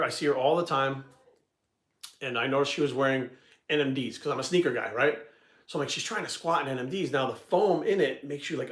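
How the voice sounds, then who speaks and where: Middle-aged man, rapid profane advice, slightly high voice, echoey room. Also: a bit bright. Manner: blunt, swears constantly, repeats points. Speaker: fitness channel host answering viewer questions. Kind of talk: profane casual advice talk.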